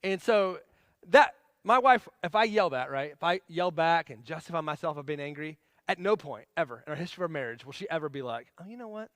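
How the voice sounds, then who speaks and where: A man's voice: on the high side, lively intonation, fairly quick, fairly bright tone, no echo, clean studio sound. A man in his forties teaching a marriage class in a casual, conversational way, acting out everyday scenes. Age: 40s.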